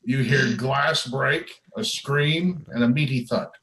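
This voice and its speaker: Casting: relaxed male game master, mid-pitched, unhurried narration of a tabletop session. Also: very noisy.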